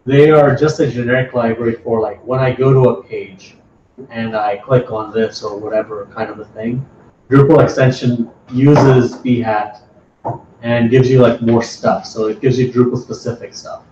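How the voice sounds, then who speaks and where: A man's voice: medium pitch, steady tone, moderate pace, darkish tone. A man giving a casual technical talk at a meetup, hesitant and often repeating his words. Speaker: meetup presenter. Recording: echoey room, distant dull mic, faint noise.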